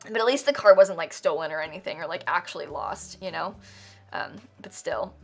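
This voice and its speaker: With faint music behind her, a young American woman streaming games talks in a brisk, gravelly, lowish voice. Her casual chatter rambles, is packed with "like," and keeps breaking into laughter.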